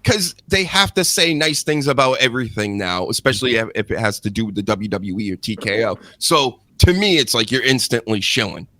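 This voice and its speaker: A man hosting a casual wrestling podcast, ranting sarcastically and jumping high in pitch when he mocks others. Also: lively intonation, fairly quick, hardly any pauses, pushed and bright. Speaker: podcast host.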